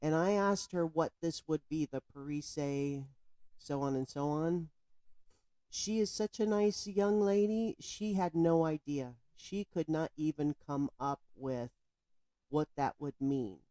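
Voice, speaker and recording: A woman who works as a political commentator speaks straight to the viewer, giving indignant, emphatic commentary on a news story. Her voice is low-pitched and mellow, her pace is slow, and the recording is dry.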